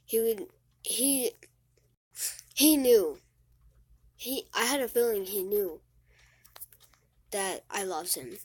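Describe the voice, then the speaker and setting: A teenage girl talking casually and sadly to the camera, close to tears, halting and repeating her words as she rambles. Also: mid-range voice, lively intonation, slightly rough, no echo. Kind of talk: casual vlog monologue.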